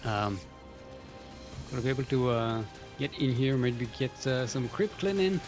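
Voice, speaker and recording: A man's voice: mid-range voice, expressive, unhurried, music in the background. A man casting a live strategy game match, chatty and self-mocking with trailing fillers. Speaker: esports caster.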